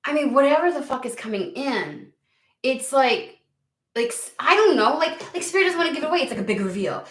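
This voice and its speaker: A woman's voice: high-pitched, expressive, a little fast, reverberant. A woman giving a casual tarot reading, talking bluntly and swearing a lot in an exasperated rant. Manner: blunt, profane, exasperated ranting. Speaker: tarot reader.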